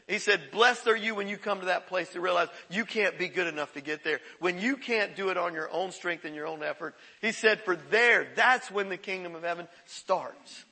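Husky high-voiced preacher, conversational. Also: male voice, normal speed, hardly any pauses, bright, forceful tone, poor audio. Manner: conversational preaching with laughs and repetitions. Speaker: pastor. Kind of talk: sermon.

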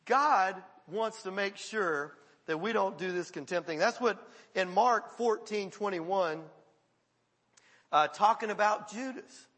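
A man's voice: high-pitched, slow pace, fairly bright tone, breathy edge, big-room sound. A man preaching a conversational sermon as pastor, acting out quoted voices and laughing along with the congregation.

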